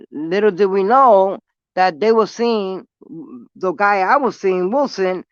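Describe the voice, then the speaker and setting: On a dry, muffled recording, a woman vlogger from New York City speaks in a mid-range voice. She smokes as she tells a casual story in blunt, profane street talk.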